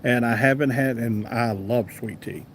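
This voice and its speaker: A man's voice: medium pitch, normal speed. Southern guy on a live stream reading chat comments, laid back and chatty, faint hiss behind him. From American South. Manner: easygoing, chatty, talks to viewers by name.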